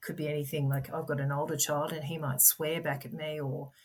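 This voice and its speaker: A middle-aged woman guest in an interview, explaining things in an earnest, gentle, conversational way. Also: deep voice, little pitch movement, brisk, breathy edge. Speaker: podcast guest, parent advocate.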